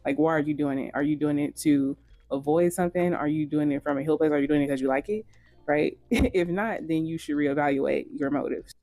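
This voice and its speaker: A woman's voice: low-pitched, fairly quick, dark tone, no echo. A woman giving frank, scripted commentary in a video, blunt and swearing casually.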